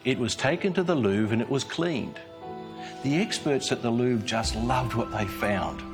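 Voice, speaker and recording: A man delivers a scripted devotional talk in an earnest, measured storytelling way. His pitch sits in the middle of the male range but moves freely and expressively. Soft music plays faintly underneath him. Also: expressive. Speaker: Christian speaker.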